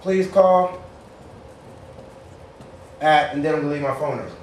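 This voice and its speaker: A man's voice: fairly high pitch, unhurried, darkish tone. A man running a sales workshop, talking energetically to a group, often repeating words as he starts a thought. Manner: acts out phone calls in a raised voice. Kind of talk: live training talk to a group. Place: workshop room. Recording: echoey room from far off, faint noise.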